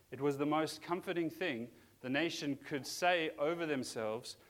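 A man's voice: fairly high pitch, fairly quick, hardly any pauses, a bit bright. A man preaching a sermon as a pastor, talking in an earnest, conversational way with frequent restarts.

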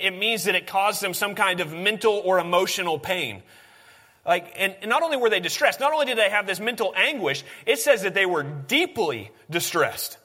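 A man's voice: high voice, pushed and bright, big-room sound. A man preaching a sermon in an earnest, conversational way, often restarting his sentences.

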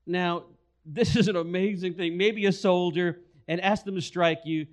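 A man's voice: sits high, fairly even intonation, moderate pace. A man preaching a sermon, telling a story and repeating key phrases for emphasis. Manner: storytelling, acts out quoted voices.

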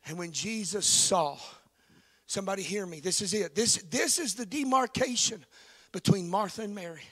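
A man preaching a sermon, swinging from hushed, whispered lines to loud, sing-song shouting, calling out to members of the congregation. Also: high voice, normal speed. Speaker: pastor.

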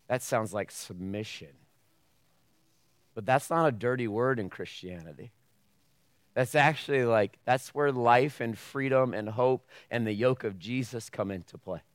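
A man preaching a sermon in a church, opening with a hushed, earnest prayer and then talking casually and acting out the voices he quotes. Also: medium pitch, clear, resonant tone, no room sound, studio quality. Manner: hushed, earnest tone while praying. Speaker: pastor. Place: church sanctuary with a video screen.

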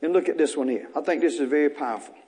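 A man's voice: fairly high pitch, racing, darkish tone. A male pastor preaching a sermon, calling out questions to the congregation and repeating short phrases, with folksy joking asides.

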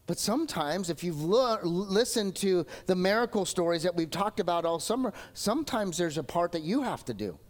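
Male pastor, high-pitched, animated preacher acting out voices, reverberant church. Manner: animated storytelling, acts out quoted voices. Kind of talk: sermon. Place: church sanctuary. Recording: long hall reverb.

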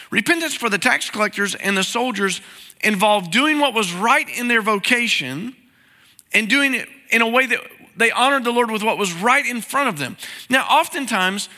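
A high-pitched man preaches a conversational sermon, peppering it with rhetorical questions. His tone is strikingly bright and sharp. The voice carries a long reverb from a large church sanctuary. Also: lively intonation, moderate pace. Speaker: pastor.

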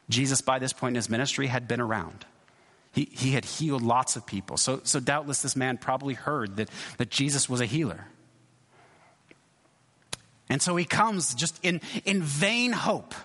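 A pastor preaches to his congregation in a husky voice of middle pitch. He talks conversationally, stumbling and restarting often. His words ring out in a long hall reverb. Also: a bit bright. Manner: conversational, halting, many restarts and asides. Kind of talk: sermon.

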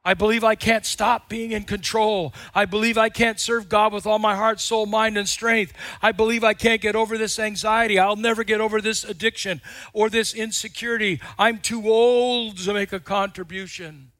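A male pastor preaching a sermon with lots of repetition, swinging between loud passages and hushed ones. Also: high voice, level tone, moderate pace, dry recording.

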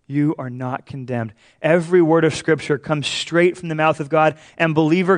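A man with a slightly higher-than-usual voice delivers a sermon as a pastor. He speaks earnestly, repeating key lines for emphasis and often sinking to a near hush.

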